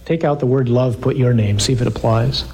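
A man preaching to a live congregation, reading scripture slowly and with emphasis, then breaking into quick, joking asides. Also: mid-range voice, steady tone, a little mellow, a little hiss or hum.

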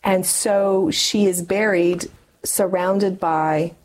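A woman's voice: lowish voice, fairly even intonation, takes it slowly, darkish tone, poor audio. A middle-aged woman, a guest in an interview, telling a personal story earnestly, with many fillers and restarts.

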